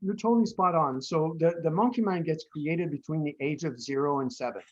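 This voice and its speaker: A man explains his views at length as an interview guest, earnest and patient. He keeps checking in with "right?" His voice sits somewhat high, and the recording sounds a little dull. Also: a little fast. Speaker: guest, addiction treatment founder.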